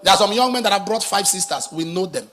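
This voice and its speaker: A high-pitched man preaching, spinning a dramatic cautionary tale. He swings between quiet asides and loud, emphatic peaks. Soft music plays faintly behind him. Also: lively intonation, fast. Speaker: pastor. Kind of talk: sermon storytelling.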